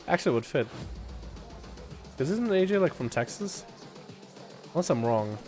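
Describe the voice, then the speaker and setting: A man's voice: fairly high pitch, sing-song, takes it slowly, a little mellow, soft background music. Laid-back young male game streamer. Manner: laid-back, laughs often, swears casually. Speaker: gaming streamer. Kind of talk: casual gaming livestream commentary.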